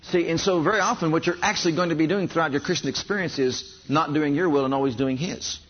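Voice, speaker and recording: Man, preacher, sermon, husky, slightly high voice, talks straight to the congregation, dull lo-fi sound. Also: fast. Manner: animated storytelling, addresses congregation directly.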